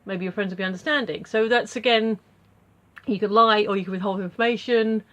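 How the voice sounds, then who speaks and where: A woman's voice: medium pitch, fairly even intonation, fairly quick, a bit bright, lo-fi sound. Rambling woman vlogging at home. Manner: rambling, with many fillers and restarts. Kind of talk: casual chat to camera.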